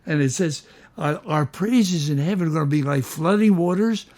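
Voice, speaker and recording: An older man hosting a casual chat, explaining hymn harmony with enthusiasm, sometimes slowing down for emphasis and humming bits of melody. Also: a little high, darkish tone. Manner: enthusiastic, sings melody fragments, slows for emphasis. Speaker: host, music teacher.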